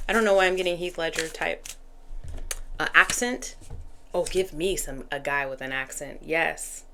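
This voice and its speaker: A woman giving a casual tarot reading in a slightly low voice. She keeps up a chatty flow, talking to the cards and to spirit as she shuffles. A faint noise runs under the recording. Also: moderate pace, fairly bright tone. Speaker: tarot reader.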